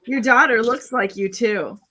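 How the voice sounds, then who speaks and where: A woman's voice: a little high, unhurried, bright, forceful tone. A woman hosting a casual online talk show, chatty, with many fillers and restarts. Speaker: show host.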